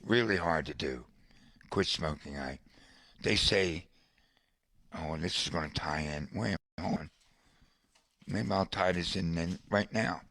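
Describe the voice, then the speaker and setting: A man with a lowish voice spins a casual story at a slow, easy pace, breaking off for asides to a friend in the room. The sound is dry and close, with no room around it. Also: a bit bright, no echo. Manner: conversational, colorful storyteller with asides. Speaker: podcast host.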